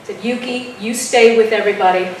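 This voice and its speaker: A woman telling a spooky story at an open mic, dramatic and dropping to a hush at tense moments. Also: medium pitch, fairly quick, slight background noise. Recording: echoey room from far off.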